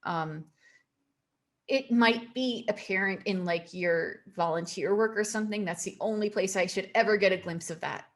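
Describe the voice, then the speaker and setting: A woman leads an online career webinar, speaking at a middling pitch. Her talk is emphatic and she repeats her warnings, with an easy laugh between points. She sounds like a video call. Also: moderate pace. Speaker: webinar presenter. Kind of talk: presenting a webinar on resumes.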